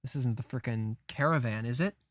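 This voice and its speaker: A man reading a comic aloud on a live stream, reacting with disbelief and frequent swearing as he thinks out loud. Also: mid-range voice, brisk, no echo, clean studio sound.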